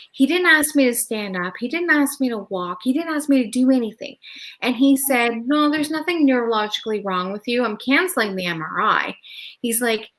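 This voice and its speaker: A woman's voice: a little high, brisk, fairly bright tone, rough recording. A middle-aged woman hosting a live talk show, casually telling her own story and acting out the dialogue with lots of "like"s. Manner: chatty, retells dialogue with many "like"s.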